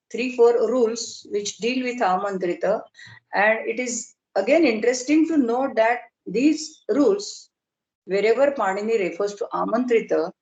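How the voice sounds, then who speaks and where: A woman lecturing on grammar in a workshop, explaining slowly and deliberately with pauses and fillers. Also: fairly high pitch, a little mellow, muffled recording. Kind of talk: academic lecture in an online workshop. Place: video call. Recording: roomy echo.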